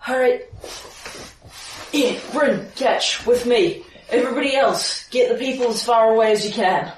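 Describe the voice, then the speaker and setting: A player in a tabletop game giving a slow, declamatory speech in character. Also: mid-range voice, a little hiss or hum. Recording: roomy, distant mic.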